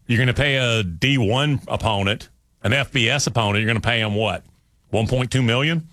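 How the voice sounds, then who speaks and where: A man's voice: medium pitch, a little fast, fairly bright tone, no room sound. A man hosting sports talk radio, breaking down a game in a conversational, emphatic way. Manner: conversational, emphatic, talks through restarts.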